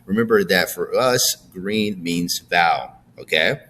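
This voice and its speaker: A man's voice: sits low, measured pace, fairly bright tone, a little hiss or hum. A man teaching a phonics lesson to young students, patiently drilling words and checking in with "all right?".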